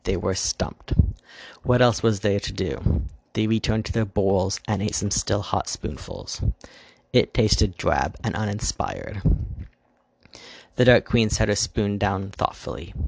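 A man reads a fairy tale aloud with a low, gravelly voice and a husky edge. The sound is dry and close, and he reads casually, adding his own asides. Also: takes it slowly, no echo. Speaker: reader. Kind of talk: storybook reading.

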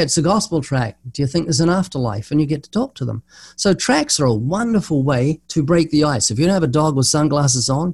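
A man's voice: mid-range voice, vocal fry, breathy edge, no room sound. An older man, a guest evangelist, answering interview questions and telling stories in which he acts out the dialogue. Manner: animated storyteller acting out dialogue.

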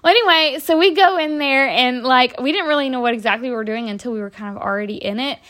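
A woman's voice: sits high, fast, a bit bright. A woman, telling stories in a rambling, chatty way on a podcast, full of fillers and restarts. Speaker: podcast host. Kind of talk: casual storytelling.

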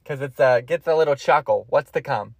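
A man's voice: mid-range voice, brisk, vocal fry, dry recording. A man hosting a solo podcast, rambling in a crude, jokey way. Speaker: podcast host.

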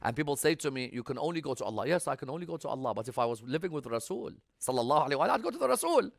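A man preaching a religious sermon, swinging between loud emphatic appeals and hushed storytelling. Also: mid-range voice, racing, no echo, clean studio sound.

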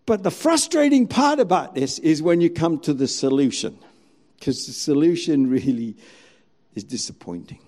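A male preacher delivers a storytelling sermon, his pitch rising and falling in big, animated swings. His tone is warm and mellow, sitting a bit high, and he acts out scenes dramatically. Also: moderate pace.

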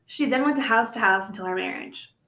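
A young woman's fairly high, fairly bright voice moves a little fast as she presents a true-crime case on the podcast she co-hosts. She tells it casually, with chatty side comments. The space she's in sounds echoey.

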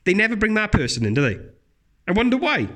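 A young man rattling through a solo podcast at a fast clip, with a fairly high voice for a man. He is blunt and swears freely, and every so often slips into mocking put-on voices. The talk is loose and casual. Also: wildly swooping pitch, a bit bright. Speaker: podcast host.

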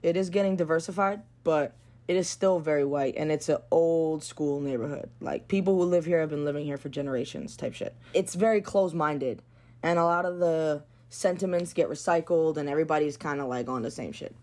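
A young New York woman with a deep, dark-toned voice tells a story fairly quickly as a guest. She's blunt and casual, swears freely, and fills her speech with "like."

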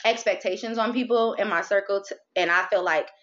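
A woman talking candidly about faith and frustration, animated and expressive, acting out her inner dialogue. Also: mid-range voice, a little fast, dull audio. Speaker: guest, merch business owner.

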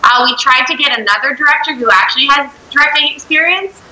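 Bright high-pitched woman. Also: fast. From Canada. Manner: chatty, laughing, many fillers. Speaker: guest, actor and director. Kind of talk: casual podcast chat. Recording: echoey room.

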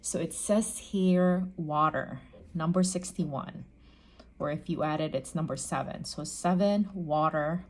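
A woman giving a casual tarot reading to camera, chatty and gentle, often restating her phrases. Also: low voice, a little slow. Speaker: psychic tarot reader.

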